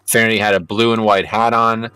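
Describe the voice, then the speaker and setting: Low-voiced man telling a rambling story. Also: little pitch movement, a little fast, sharp tone, smooth, dry recording. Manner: rambling, swears freely, lots of fillers. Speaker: livestreaming gamer. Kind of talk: casual storytelling chat while gaming.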